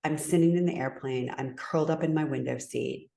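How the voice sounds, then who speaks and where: Female client voice; raspy edge, earnest practice reading. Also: extremely low pitch, brisk, warm tone. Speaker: coaching client, spiritual coach. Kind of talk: practicing telling her story.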